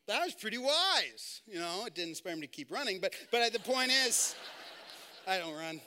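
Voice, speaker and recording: A man's voice: sits high, expressive, brisk, sharp tone, long reverb tail. A man preaching a conversational sermon, often restarting his sentences and acting out the inner thoughts of his listeners. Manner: conversational, repetitive restarts, acts out quoted thoughts. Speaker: pastor. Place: church.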